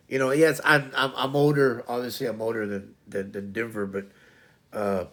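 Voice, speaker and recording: Gravelly middle-aged man chatting casually. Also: mid-range voice. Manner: rambling, stumbling over repeated words. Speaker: livestream host. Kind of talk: casual livestream chat.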